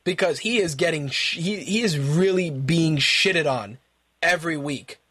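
A man's voice: a little high, a little slow, pushed and bright, slightly rough. A man hosting a talk radio show, ranting in profane, exasperated bursts and repeating himself when worked up. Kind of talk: ranting wrestling commentary.

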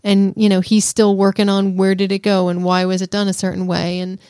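A woman's voice: medium pitch, flat delivery, brisk, a little mellow, no echo, clean studio sound. A woman co-hosting a casual film review podcast, thoughtful and teasing, often restarting her sentences. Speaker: podcast co-host.

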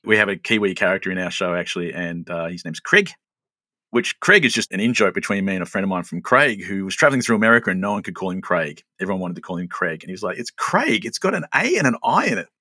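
An Australian man in his late forties telling stories in a relaxed, self-mocking way as a guest. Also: sits low, fast talker, no room sound. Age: 40s. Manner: chatty, self-mocking storyteller. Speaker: guest, show creator. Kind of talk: casual interview chat.

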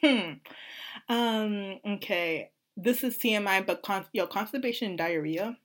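A woman's voice: mid-range voice, unhurried. A young woman co-hosting a podcast, chatting casually in a blunt, slangy way and swearing freely. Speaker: podcast co-host. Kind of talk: casual chat.

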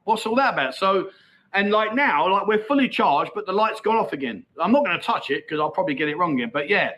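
A man's voice: high-pitched, expressive, brisk, sharp tone, poor audio. A middle-aged man hosting a casual livestream, chatting and reading out viewer comments in a matey, laughing way. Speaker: livestream host. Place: Pattaya, outdoors.

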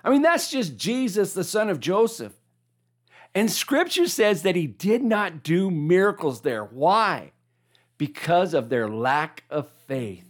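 A preacher with a medium-pitched voice delivers a slow, animated sermon, asking listeners to repeat key lines back to him.

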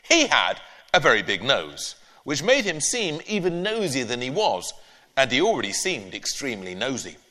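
Author-storyteller, man; bright, animated read-aloud and chat; echoey live hall. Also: medium pitch, normal speed. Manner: expressive, playful storytelling. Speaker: author reading his own book. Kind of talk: storybook reading, then interview answers.

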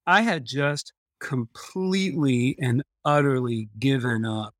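A man's voice: medium pitch, slow, a bit bright, dry recording. Earnest man telling his story, dry sound. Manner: earnest, repeats phrases for emphasis. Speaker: podcast guest. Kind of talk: personal storytelling in a conversation.

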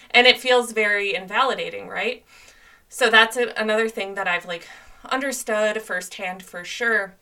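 A woman's voice: medium pitch, fairly even intonation, normal speed, sharp tone, recorded from a distance. A young woman hosting a podcast, talking through relationship advice in an earnest, conversational way with lots of "like"s. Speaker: podcast host. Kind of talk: solo podcast advice talk.

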